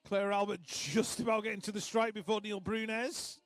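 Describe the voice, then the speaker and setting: A man's voice: high voice, fairly even intonation, normal speed, no echo. A man giving live race commentary, chatty and joking between calls.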